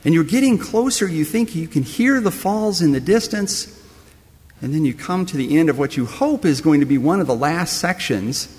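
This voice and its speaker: A man's voice: a little high, expressive, normal speed, a little mellow, in a large hall. A man preaching a sermon, telling a story that speaks straight to the listener as you. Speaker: pastor.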